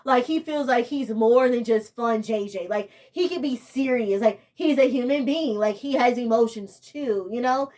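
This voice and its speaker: A woman's voice: on the high side, normal speed, hardly any pauses, a little mellow. A young woman, giving a casual, rambling and exasperated review of a TV show.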